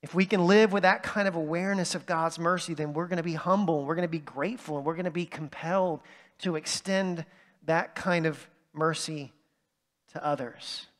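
In a church sanctuary that sounds like a large hall, a man preaches in a conversational style, regularly checking in with "right?". His voice is a little high with fairly even intonation, and he speaks at a moderate pace.

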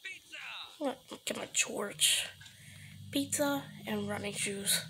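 A woman's voice: fairly high pitch, takes it slowly, background noise. A woman commenting as she plays a horror game, jumpy and gasping, often whispering under her breath. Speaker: gamer playing a horror game. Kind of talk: let's play commentary.

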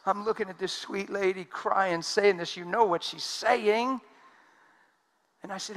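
A man preaching a sermon, telling stories with emphasis and swinging from loud outbursts to hushed tones. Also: high-pitched, moderate pace. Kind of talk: sermon storytelling.

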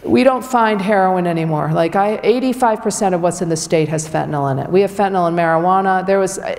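A woman's voice: low voice, a little mellow. A woman physician giving a direct, emphatic public health lecture to a community audience. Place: community event hall. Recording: long reverb of a hall.

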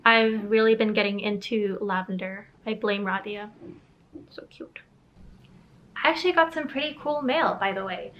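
A woman's voice: medium pitch, fairly quick, hardly any pauses, highs cut off. A woman who illustrates children's books, chatting casually in a vlog in a bubbly, rambling way, with lots of fillers. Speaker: children's book illustrator vlogging.

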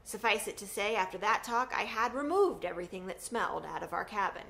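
A woman's voice: brisk, creaky. A woman performing a personal story, acting out the voices of the people in it. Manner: animated, acts out quotes with big pitch swings.

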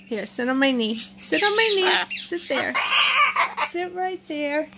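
A woman's voice: sits high, very animated, a little slow, very noisy. A woman vlogger at home, chatting in sweet baby talk to her pet birds and laughing often. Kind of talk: casual chat with pets and viewers.

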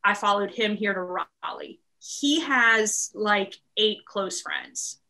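A woman's voice: medium pitch, slow, bright, forceful tone. A woman in her thirties from Maryland, chatting in an interview about her work as a real estate team leader, upbeat and full of laughs and fillers. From Maryland, USA. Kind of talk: casual interview chat.

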